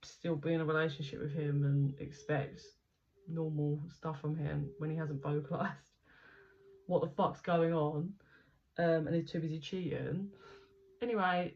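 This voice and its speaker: A woman with a fairly low voice talks through a tarot reading in a loose, rambling way, swearing now and then. The recording is dull and lo-fi, with a faint hiss of background noise. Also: a little mellow. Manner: chatty, rambling, swears casually. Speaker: tarot reader. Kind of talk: casual tarot reading narration.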